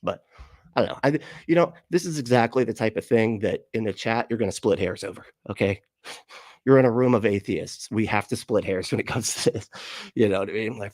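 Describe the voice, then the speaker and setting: Laid-back swearing man, low voice. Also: a little fast, darkish tone, no room sound, clean studio sound. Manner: rambling, laughs often, swears casually. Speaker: livestream host reading chat. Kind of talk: casual livestream chat.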